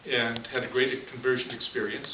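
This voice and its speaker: This priest talks a little fast in a flat, mid-range voice while recounting a story in his homily. He keeps it chatty, chuckling as he goes, heard through a hissy, echoey lo-fi recording made from a distance in a room.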